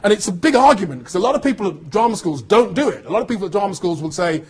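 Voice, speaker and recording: Very husky, animated British man. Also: sits high, rapid-fire, hardly any pauses. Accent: neutral standard British. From Birmingham, England. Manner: animated storytelling with laughter and acted-out quotes. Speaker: actor speaking to students. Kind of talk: anecdotal speech to students.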